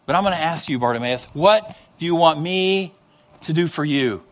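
A male preacher voicing Jesus as a calm, gentle, compassionate man, speaking slowly and softly. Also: sits high, full character voice. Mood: tender. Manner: slow, soft, tender.

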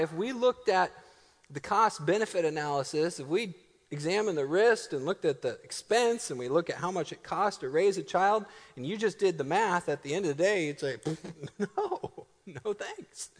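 A middle-aged man preaching a sermon as pastor, animated and joking, laughing often and slowing down to stress key phrases. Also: sits high. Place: church sanctuary. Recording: long hall reverb.

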